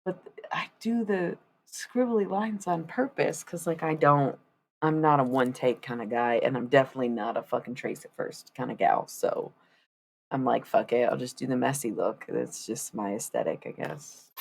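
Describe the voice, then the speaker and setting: A woman with a low, husky voice and a gravelly fry talks to her live-stream viewers while she paints. She rambles and swears freely between asides. There is a faint hiss of noise behind her. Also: normal speed. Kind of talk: casual live-stream chat.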